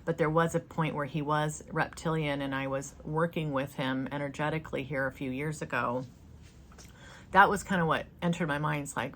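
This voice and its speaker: Low-voiced woman recounting a vision. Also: steady tone, moderate pace, a bit bright, slight background noise. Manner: earnest, hesitant, many fillers and restarts. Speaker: spiritual channel host. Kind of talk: personal spiritual storytelling. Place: yurt, seated on couch.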